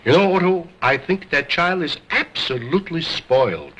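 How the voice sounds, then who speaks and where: A man's voice: a little high, expressive, moderate pace, a bit bright, slightly rough. A man performing as a ventriloquist on stage, speaking as a grand, formal showman. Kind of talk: stage comedy act.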